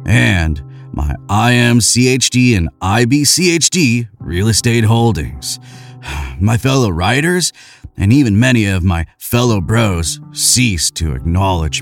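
Man, comic first-person narrator, deadpan, boastful, very lively pitch, faint music behind.

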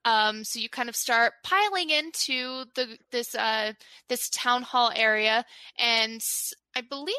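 Bright-voiced woman game master. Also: fairly high pitch, a little slow, clean tone, no echo. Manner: chatty, descriptive, with filler words. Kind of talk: narrating a tabletop game.

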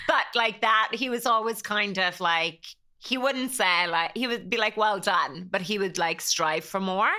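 An Irish woman in her thirties, guesting on a podcast, talks in a medium-pitched, sharp voice, unhurried but with hardly any pauses. Her casual interview chat is rambling and full of "like," and she becomes openly emotional.

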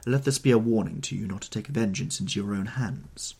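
A man voicing a cool, stern young gentleman who speaks in a commanding way. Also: on the low side, fairly quick, vocal fry, slightly rough, voice pushed up.

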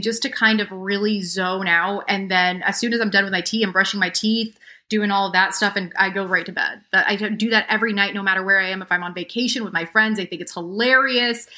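A woman's voice: medium pitch, sharp tone. A woman in her thirties chatting casually as a podcast guest, rambling with many restarts. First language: English. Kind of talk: casual chat.

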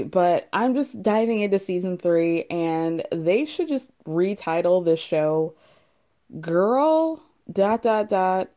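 A podcast host with a fairly low, dark-toned voice recaps reality TV in a relaxed, chatty way. She giggles a lot and curses every so often.

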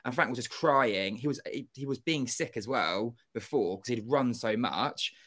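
A young man telling a story as an interview guest, animated and acting out quoted dialogue, with casual swearing. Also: mid-range voice, moderate pace. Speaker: interview guest, former contestant.

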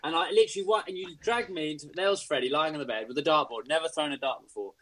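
A man's voice: on the high side, fast, fairly bright tone, low-quality recording. Man rambling through a cricket-tour story. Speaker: former cricketer, podcast guest. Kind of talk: casual anecdote.

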